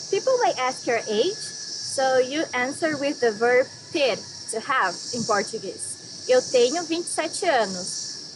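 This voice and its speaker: A young woman from Brazil teaching a vocabulary lesson, saying each word slowly before giving its meaning. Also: high-pitched, noisy background. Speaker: language teacher.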